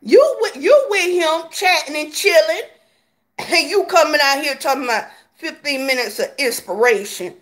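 A woman's voice: high-pitched, lively intonation, moderate pace. A woman vlogger giving sassy, laughing gossip commentary, calling viewers honey and baby.

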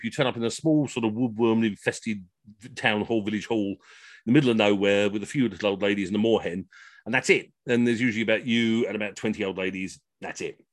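A man telling comic stories in a chatty, lively way, acting out the people he quotes. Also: on the low side, no echo. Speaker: costumed entertainer. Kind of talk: comic storytelling. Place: at home on a video call.

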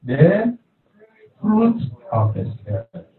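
A man's voice: sits high, sing-song, very slow. Echoey preaching man from far off. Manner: preaching with call-and-response, repeating phrases. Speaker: pastor. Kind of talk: sermon. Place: church hall. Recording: echoey hall, distant, phone-like.

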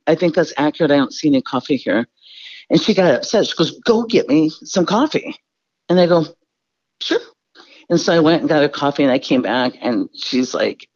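A woman's voice: low-pitched, darkish tone. Candid woman telling stories, muffled. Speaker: guest speaker. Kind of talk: storytelling interview answer.

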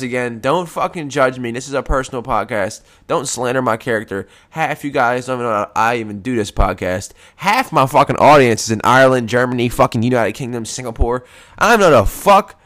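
A man rambles through a casual podcast from home, swearing freely in a laid-back way. His voice is a little congested from post-nasal drip. His pitch sits in an ordinary middle range. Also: brisk, fairly bright tone. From United States. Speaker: podcast host. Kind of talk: casual solo podcast chat.

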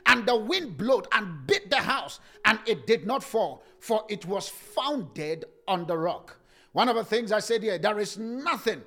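High-voiced impassioned male preacher. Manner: impassioned, rising to shouts and sing-song cadences. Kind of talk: sermon.

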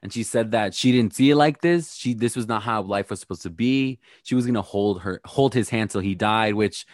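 A man's voice: on the low side, a little fast, dry recording, studio quality. A man co-hosting a casual podcast, recapping a reality show with blunt, gossipy commentary. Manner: gossipy, blunt, playfully shady. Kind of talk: casual chat.

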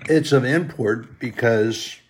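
A man preaching a sermon, impassioned and emotional, swelling loud on scripture verses and then dropping to a soft, hushed tone. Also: medium pitch, slow pace, a little hiss or hum. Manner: emotional, moved while reading.

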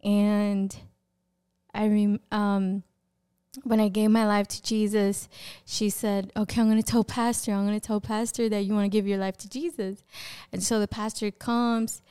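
Smooth-voiced woman telling her testimony. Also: mid-range voice, moderate pace. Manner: animated storytelling, acting out remembered voices, laughing often. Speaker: podcast guest sharing testimony. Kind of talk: personal testimony in casual conversation.

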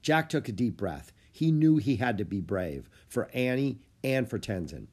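Expressive man reading a children's book. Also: mid-range voice, normal speed. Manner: expressive, storytelling. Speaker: audiobook narrator. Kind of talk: children's book read aloud.

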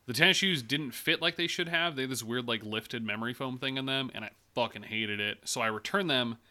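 A man's voice: medium pitch, a little fast, pushed and bright. A young man telling a long, rambling story in casual chat, sarcastic and full of swearing.

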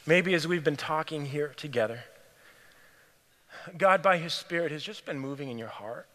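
A man preaching a sermon, telling a story in an earnest way and often dropping to a hushed, near-whispered voice. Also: a little high, expressive, normal speed, long pauses. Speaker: pastor. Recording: long hall reverb.

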